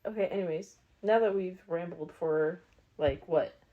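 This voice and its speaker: A woman's voice: fairly low pitch, moderate pace, narrow, tinny audio, crowd noise. A woman co-hosting a podcast in casual chat, teasing and laughing often. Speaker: podcast co-host.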